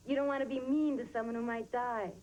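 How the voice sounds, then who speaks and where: A woman's voice: a little high, fairly even intonation, fast talker, a little mellow, dull audio, lightly acted. An actress playing a young woman patient who speaks bluntly and candidly. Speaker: actor. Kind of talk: sitcom drama acting.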